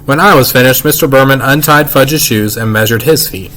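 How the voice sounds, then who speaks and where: A man's voice: medium pitch, fairly quick, fairly bright tone. Man reading a children's book aloud. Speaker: reader. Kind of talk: reading a children's novel aloud, first-person narration.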